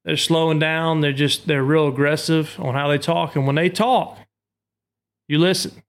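Brief: middle-aged man, slightly high voice, patient instructional talk, repeats points. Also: fairly even intonation, normal speed. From Arkansas. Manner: explains technique with homely comparisons, repeats himself. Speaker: duck call maker and hunter.

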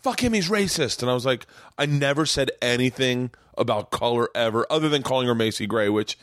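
A man's voice: mid-range voice, fairly even intonation, fairly quick, a bit bright, no room sound, clean studio sound. A man hosting a podcast, telling stand-up club stories in casual, profane chat and acting out the quotes in a raised voice. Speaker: podcast host and comedian. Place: small home studio room.

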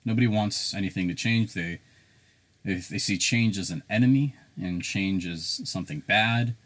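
A man co-hosting a podcast, telling stories in a lively, profane way. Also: lowish voice, moderate pace. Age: adult. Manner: animated, profane storytelling. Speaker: podcast co-host. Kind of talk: casual podcast chat.

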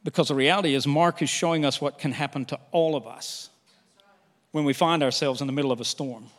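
A male pastor preaching a sermon in an animated way, often slipping into quoted voices. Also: a little high, in a large hall.

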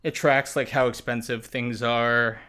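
A man's voice: medium pitch, fairly even intonation, a little slow, sharp tone. A young man co-hosting a podcast in casual chat, dry and wry, with some swearing. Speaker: podcast co-host.

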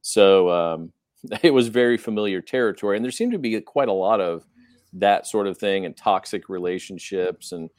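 A man with a low voice hosts a casual album review. He is easygoing and jokes about his own slips while he steers the talk. His voice sounds dry and close. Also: normal speed, darkish tone, no echo. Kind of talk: casual chat.

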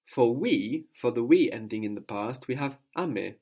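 A man with a mid-pitched voice gives a language lesson. He explains the grammar patiently, one step at a time, and keeps stopping to prompt his student for the next answer. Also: lively intonation, a little slow, husky, lo-fi sound. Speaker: language teacher.

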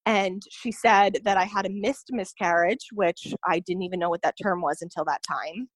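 Recorded dry, this young woman speaks at normal speed in a voice on the low side. She's a podcast guest earnestly describing something personal, her speech thick with "like" and "you know."

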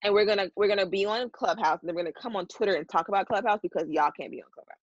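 A woman's voice: medium pitch, rapid-fire, dry recording. A woman hosting a casual podcast chat, talking in a chatty, rambling way and laughing often. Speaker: podcast host. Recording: dry, slightly dull lo-fi sound.

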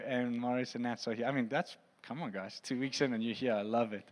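A man's voice: medium pitch, moderate pace, hardly any pauses, long reverb tail, background noise. A man preaching a sermon, earnest and heartfelt, with frequent fillers and restarts.

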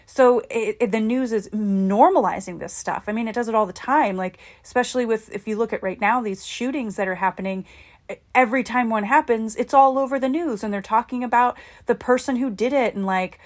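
A woman's voice: a little high, fairly quick. A young adult woman hosting a podcast, talking in a casual, opinionated monologue, chatty and emphatic with lots of "like". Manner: chatty, heavy use of "like", emphatic. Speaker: podcast host.

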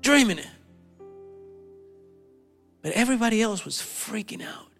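A male preacher giving an animated sermon, telling stories and acting out the quotes. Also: high voice, a little slow, gravelly, soft background music. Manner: animated, storytelling, with acted-out quotes.

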